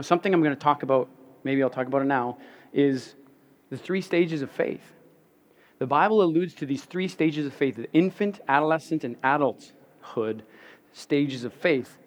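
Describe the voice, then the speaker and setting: A pastor with a slightly high voice delivers an earnest, conversational sermon. He often drops into soft, quiet stretches and repeats words.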